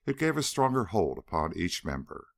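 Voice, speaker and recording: A man narrating an audiobook with expressive storytelling. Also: low voice, moderate pace, gravelly, no room sound. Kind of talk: scripted narration.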